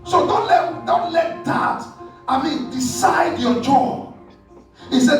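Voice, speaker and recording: A male pastor with a very high voice preaches emphatically and asks the congregation to answer him. He is recorded from a distance in a booming church hall. Soft music plays underneath. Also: slow pace. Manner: emphatic, call-and-response preaching. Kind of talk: sermon. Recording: echoey hall, distant mic, faint music.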